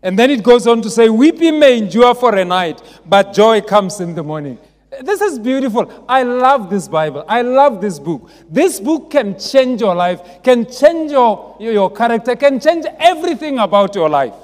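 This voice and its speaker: High-voiced man preaching in a church hall. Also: big pitch swings, moderate pace. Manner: call-and-response, rising to emphatic shouts. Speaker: pastor. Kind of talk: sermon. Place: large church. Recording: long church reverb.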